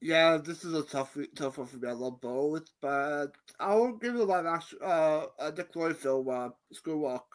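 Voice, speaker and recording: A man's voice: a little high, normal speed, hardly any pauses. A man on a movie panel casting short votes, hesitating as he thinks aloud. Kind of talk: casual panel chat.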